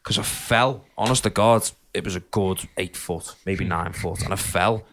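A young man with a fairly low voice chats casually as a podcast co-host. He rambles through stories full of fillers and keeps laughing as he goes. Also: normal speed, fairly bright tone, slight background noise. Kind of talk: casual storytelling chat.

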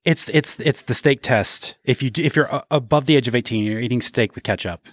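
A man's voice: medium pitch, fairly quick, no room sound, clean studio sound. A man co-hosting a podcast, bantering and joking in casual chat. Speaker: podcast co-host.

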